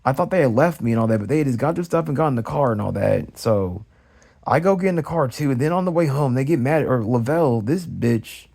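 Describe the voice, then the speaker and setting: A young man vents in a casual vlog rant, talking fast with an animated, creaky voice. He swears often, repeats himself heatedly, and swings high and loud when mimicking others.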